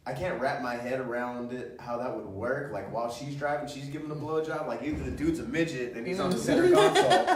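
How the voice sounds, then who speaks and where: Male stand-up, crude and animated, laughing through his stories, recorded from a distance in a very echoey room. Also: mid-range voice. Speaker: stand-up comedian. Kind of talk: stand-up storytelling. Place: comedy show room. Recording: roomy echo, distant mic.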